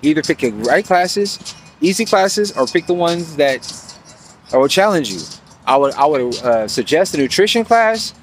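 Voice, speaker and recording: A man's voice: fairly high pitch, lively intonation, normal speed, slight background noise. A man telling a rambling story and giving advice in a casual monologue, slangy and profane, often asking if the listener follows him. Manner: profane, slangy, keeps asking "you feel me". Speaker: vlogger giving financial advice.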